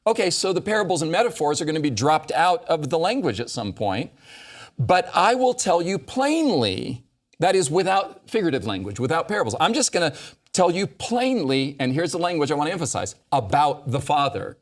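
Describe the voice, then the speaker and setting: Male host, lively pitch, emphatic scripture teacher at a discussion table. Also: fairly quick. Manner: emphatic, quotes scripture with dramatic stress. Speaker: host leading a Bible study discussion. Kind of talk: animated teaching in a round-table talk.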